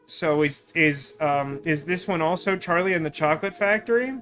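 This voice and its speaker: A man's voice: fairly high pitch, moderate pace, few pauses, fairly bright tone. A man hosting a let's play, chatting casually and rambling with lots of fillers while he plays. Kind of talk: casual gameplay commentary.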